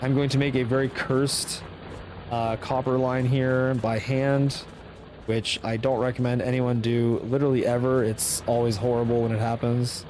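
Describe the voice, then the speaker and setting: Young adult man, Canadian accent, mid-pitched voice, explanatory live game commentary, faint hiss behind. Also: level tone, moderate pace, darkish tone. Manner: casual, explanatory, thinking aloud. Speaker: speedrunner streamer. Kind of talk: live commentary over gameplay.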